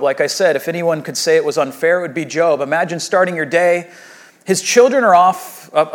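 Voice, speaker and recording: A male pastor preaching in an easy, talky way, slipping into little voiced quotes as he retells the story. His voice sits a touch higher than most men's. He sounds like he is chatting with his congregation more than lecturing them. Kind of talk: sermon.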